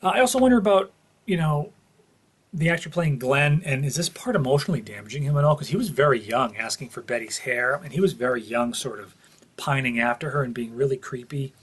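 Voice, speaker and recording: A man's voice: mid-range voice, a little fast, slightly rough. A man giving an earnest, opinionated spoken review of a TV episode, thinking aloud as he goes.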